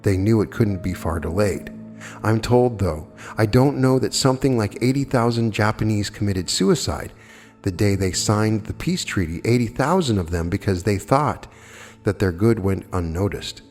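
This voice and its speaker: A man's voice: on the low side, animated, normal speed, darkish tone. A man giving a plainspoken spoken lecture, arguing his points with rhetorical questions and answering audience questions. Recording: old archive lecture with long hall reverb and faint music.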